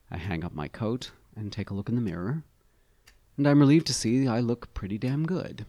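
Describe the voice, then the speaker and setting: A man reading a first-person story aloud with a wry, expressive delivery. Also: deep voice, vocal fry, dry recording. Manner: expressive, wry, animated inflections. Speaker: narrator.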